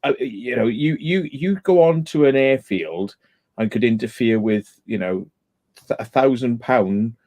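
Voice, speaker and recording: Mellow, halting man. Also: mid-range voice. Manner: halting, measured, full of restarts. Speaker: urban explorer. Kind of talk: casual chat.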